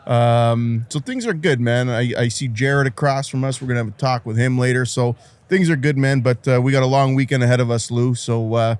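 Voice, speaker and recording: A man's voice: mid-range voice, fairly quick, clear, resonant tone. Easygoing male co-host bantering. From Canada. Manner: easygoing, banter-heavy, calls people brother. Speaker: podcast co-host. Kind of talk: casual live podcast chat. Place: fishing trade show floor.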